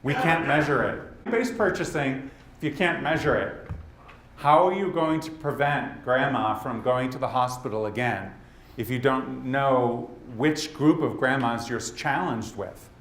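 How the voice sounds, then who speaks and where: Boston guy giving a conference talk, chatty asides to the crowd, echoey hall, bit of noise behind. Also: medium pitch. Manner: animated, talks straight to the audience with quick asides. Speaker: conference speaker. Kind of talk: leadership summit presentation. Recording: roomy hall with faint background noise.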